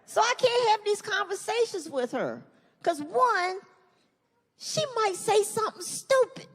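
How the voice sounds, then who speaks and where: A woman performing stand-up on a live stage. Her voice sits high and swings widely as she acts out the people in her story, swearing freely. The recording has a long hall echo, with a faint crowd and faint noise behind her. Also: a little slow. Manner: animated, profane, acts out voices of others. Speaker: stand-up comedian. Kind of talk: stand-up comedy routine. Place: comedy stage before an audience.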